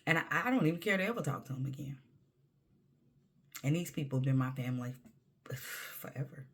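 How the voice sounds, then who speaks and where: A woman's voice: rumbling low, animated, fast. A woman talking candidly to camera in a personal monologue, emphatic and conversational, sometimes dropping to a near-whisper. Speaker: vlogger.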